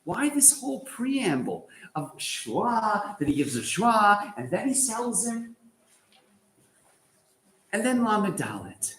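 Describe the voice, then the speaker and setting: A man teaching a class, animated and sarcastic, firing rhetorical questions at his students. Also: high voice, takes it slowly, reverberant, poor audio. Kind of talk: lively lecture to students.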